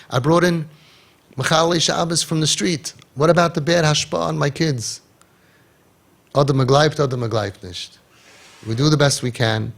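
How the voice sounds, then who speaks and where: A man giving an impassioned inspirational talk, animated, acting out bits of dialogue and repeating his key points. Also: mid-range voice, creaky. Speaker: inspirational speaker.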